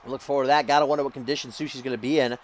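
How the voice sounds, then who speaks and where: A man doing jokey, excitable play-by-play commentary over a wrestling video game, getting loud at the big moments. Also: medium pitch, very fast, a little hiss or hum.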